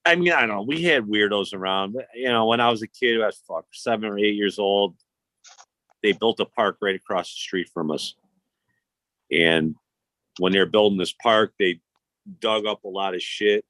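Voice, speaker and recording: Profane low-voiced man in his fifties. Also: moderate pace, pushed and bright, dry recording. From Chicago. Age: 50s. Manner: profane, rambling, blunt. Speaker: podcast host. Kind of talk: casual storytelling chat.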